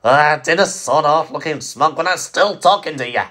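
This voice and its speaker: A man voicing a gruff, suspicious male steam engine in a fan story reading. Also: a little high, moderate pace, pushed and bright, pitched above the performer's own voice.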